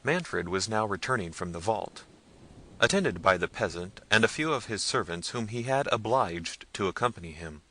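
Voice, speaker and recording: Low, bright-voiced male narrator. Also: dry recording. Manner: measured storytelling. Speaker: audiobook narrator. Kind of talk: scripted narration.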